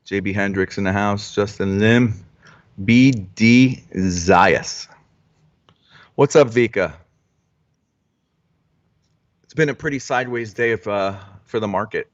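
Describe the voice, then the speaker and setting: A man with a fairly low voice chats loosely on a trading livestream, joking with his co-hosts and restarting his sentences. The audio is dull and lo-fi, like a home stream setup. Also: brisk, hardly any pauses. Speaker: stock trading livestream host. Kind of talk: casual live-stream chat. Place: Florida home trading room.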